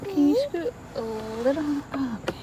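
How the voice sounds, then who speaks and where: A woman talking gently on a family vlog, coaxing her toddler outdoors on a homestead. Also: high-pitched, lively intonation, normal speed, background noise. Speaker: mother and homestead vlogger.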